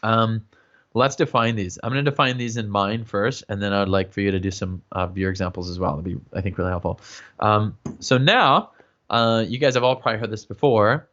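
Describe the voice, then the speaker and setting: A man's voice: lowish voice, fairly even intonation, a little fast, fairly bright tone. A man teaching singing in a casual livestream, explaining with lots of fillers and checking in with "yeah?" and "right?". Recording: dull lo-fi livestream audio.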